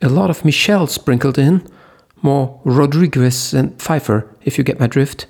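A male narrator voicing a panicky man who squeals in a high, flustered voice. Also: lively intonation, moderate pace, creaky, dark tone, breathy edge, heavily acted. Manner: shrill, flustered, jokey.

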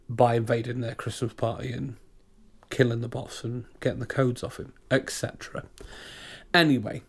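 A British man co-hosts a casual podcast, chatting and ranting with plenty of restarts. His voice sits at an ordinary middle pitch. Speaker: podcast co-host. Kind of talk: casual chat.

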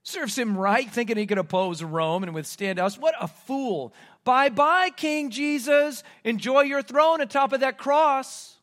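A man's voice: very high-pitched, unhurried, fairly bright tone, voice pushed up. A man voicing a cruel, mocking Roman soldier in a sneering, jeering manner. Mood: gloating. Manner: sneering, laughing mockery.

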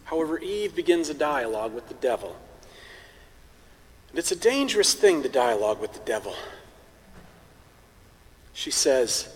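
A male priest delivering a sermon in a conversational, animated way with wry humorous asides. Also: on the high side, moderate pace, pauses often, in a large hall.

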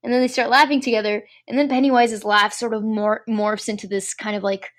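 A woman chatting casually on a podcast as she recaps a film scene by scene. Her voice sits a touch high, and she rambles and fills gaps with lots of ums. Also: flat delivery, fairly quick, fairly bright tone.

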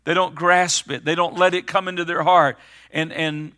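A man's voice: on the high side, flat delivery, normal speed, bright, forceful tone. A man preaching a sermon, reading scripture aloud and explaining it, rising to urgent, emphatic calls. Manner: builds to urgent, raised emphasis; reads scripture aloud between plain explanation.

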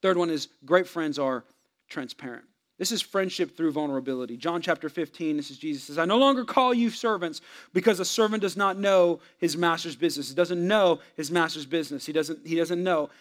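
A man preaching a sermon on marriage to a congregation, swinging between loud animated stretches and hushed asides. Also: on the high side, brisk. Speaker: pastor.

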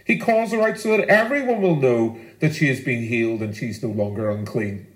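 A man preaching a sermon as pastor, earnest and emphatic, with deliberate pauses. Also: mid-range voice, animated, reverberant, low-quality recording.

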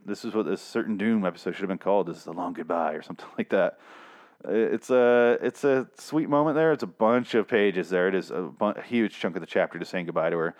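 A young man hosting a show, giving a casual, rambling recap and rant full of swearing and restarts. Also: fairly low pitch. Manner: profane, rambling, self-interrupting. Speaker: podcast host.

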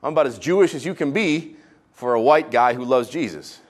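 This pastor, who grew up in Israel, speaks fairly quickly in a mid-range voice. His sermon is lively and full of jokes, lurching from loud emphasis to abrupt, hushed quiet.

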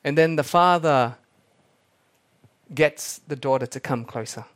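Preacher dropping to hushed emphasis. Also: male voice, on the high side, a little slow. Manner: dramatic, drops to near-whispers for emphasis, repeats key words. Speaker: pastor. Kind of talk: sermon.

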